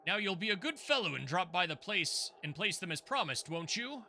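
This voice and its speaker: A man's voice: high voice, big pitch swings, a little fast, sharp tone, slight background noise, full character voice. A man voicing a pompous, posh male ruler in a video game, drawling his words. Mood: smug.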